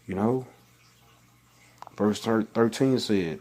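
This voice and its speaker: This man's voice sits fairly low, with a dark, husky quality and lively delivery at a moderate pace. He's a religious vlogger reading scripture out loud and preaching about it casually, restarting often and firing off exasperated questions.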